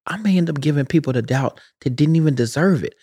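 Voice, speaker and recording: A man co-hosting a podcast, speaking slowly and softly and thinking things through, close to the microphone. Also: on the high side, breathy edge. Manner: slow, soft-spoken, reflective, close to the mic. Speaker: podcast co-host. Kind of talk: casual podcast chat. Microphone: close to the mic.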